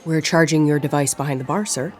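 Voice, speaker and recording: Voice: medium pitch, fast talker, music in the background, close to an everyday voice. A narrator voicing a polite hotel server who turns flustered and apologetic.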